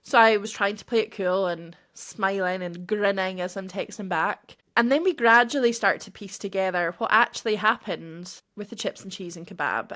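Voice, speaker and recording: A woman podcast host, telling a personal story and acting out the dialogue. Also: mid-range voice. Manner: animated, acts out quoted dialogue.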